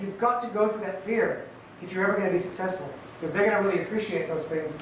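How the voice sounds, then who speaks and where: A man giving an academic conference talk in a conversational, lively way with jokey asides. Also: high-pitched, quick pace, a little hiss or hum. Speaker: conference presenter. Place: lecture hall. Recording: echoey hall, distant mic, dull sound.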